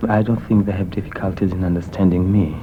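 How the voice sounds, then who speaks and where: Kenyan man, low voice, hesitant storyteller; dull 1970s broadcast sound. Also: flat delivery, fast, noisy background. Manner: hesitant, many restarts and fillers. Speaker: interviewee. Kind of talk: casual storytelling. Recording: muffled 1970s radio recording.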